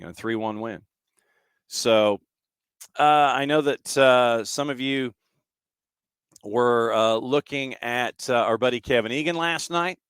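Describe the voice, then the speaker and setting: A man's voice: medium pitch, fairly bright tone, clean tone, dry recording, studio quality. A man hosting a sports talk show, going through match stats and broadcast news in a loose, rambling way, full of "uh" and repeated phrases. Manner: rambling with many fillers, repeats phrases for emphasis. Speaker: podcast host.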